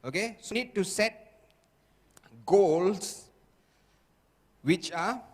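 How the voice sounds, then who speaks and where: A man's voice: high-pitched, very slow. A man giving an emphatic motivational sales training talk, repeating himself and checking in with the audience again and again. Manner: emphatic, repetitive, constant "okay?" checks with audience. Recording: echoey hall.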